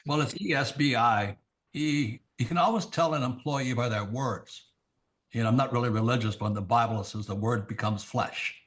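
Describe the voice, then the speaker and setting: A man's voice: medium pitch, a bit bright. Brief: older male guest, plain mid voice, folksy and blunt, acts out the dialogue. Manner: blunt, anecdotal, acts out dialogue in quick bursts. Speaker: guest author and investor. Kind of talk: storytelling in an interview.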